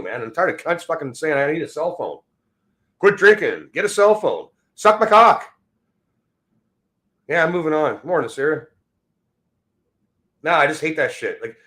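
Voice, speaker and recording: A man's voice: on the high side, fairly bright tone. Give me a middle-aged man mumbling through a sweary livestream rant with slurred, sloppy diction. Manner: crude, swearing, combative toward chat. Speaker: livestream host. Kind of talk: profane casual rant.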